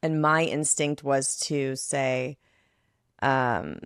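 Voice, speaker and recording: Low, gravelly-voiced woman host. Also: steady tone, extremely slow, dry recording, studio quality. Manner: casual, many "like" and "um" fillers. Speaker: mother. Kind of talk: conversational interview.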